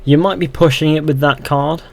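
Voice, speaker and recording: A young streamer with a slightly high, creaky voice talks at normal speed with fairly even intonation. He plays a game live, chatting casually, reading viewer comments aloud and answering them with dry sarcasm.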